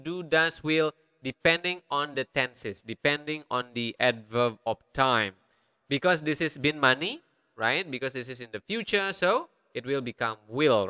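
A man teaching a language lesson, patiently repeating phrases slowly for learners. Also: fairly high pitch, sharp tone, clean tone. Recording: long hall reverb.

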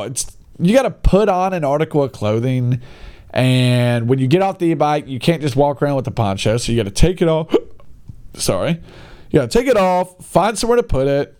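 Animated ranting man, lively pitch. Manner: exasperated, animated ranting with minced swears. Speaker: vlogger giving e-bike riding tips. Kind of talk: casual ranting vlog.

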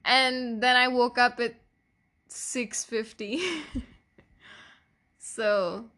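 A woman's voice: a little high, very slow, bright, forceful tone. A young woman hosting her own podcast, talking candidly and emotionally in a confessional monologue, laughing often and swearing casually, her voice sometimes teary. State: teary, voice breaking at times. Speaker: podcast host.

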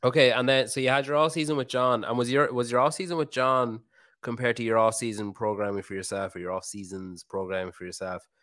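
A man's voice: medium pitch, fairly even intonation, fast talker, a bit bright. A man hosting a podcast, talking in a laid-back way and swearing casually. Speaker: podcast host. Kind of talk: casual chat.

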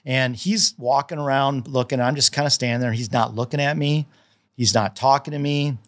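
A man's voice: mid-range voice, fairly quick. A man casually telling stories in a podcast interview, acting out the dialogue with frequent restarts. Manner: animated, acts out dialogue in the stories; repeats and restarts often. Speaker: land specialist.

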